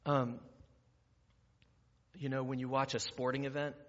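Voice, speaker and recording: Bright-voiced preacher in a reverberant hall. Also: male voice, mid-range voice, flat delivery, measured pace. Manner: conversational, rising to emphatic preaching. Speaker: pastor. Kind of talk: sermon. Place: church sanctuary. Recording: muffled recording in a reverberant church hall.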